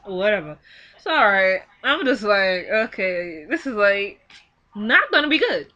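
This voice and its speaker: A young woman giving a casual film recap, animated and exclaiming, acting out the characters' lines in quick quoted bits. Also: medium pitch, lo-fi sound. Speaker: film reviewer. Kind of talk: casual movie recap and commentary.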